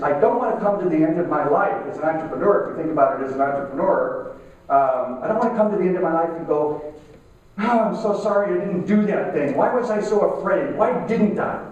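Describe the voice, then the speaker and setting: A middle-aged man giving a motivational talk to a live audience, conversational, repeating himself and slowing down to stress key lines. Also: on the high side, a little mellow, dull audio. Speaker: keynote speaker. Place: conference room at a networking event. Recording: echoey room, mic from far off.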